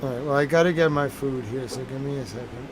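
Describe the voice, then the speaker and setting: A man's voice: medium pitch, fast, background noise. A tired man hosting a live stream, chatting casually and rambling to his viewers.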